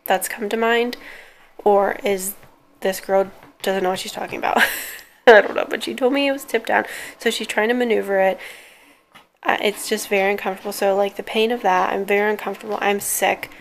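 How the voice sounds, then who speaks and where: A woman's voice: medium pitch, steady tone, moderate pace, slight background noise, rough recording. A young woman in casual video updates, telling a frustrating story in a worn-out, pained way while lying on a couch at home. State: in pain and worn out. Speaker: vlogger.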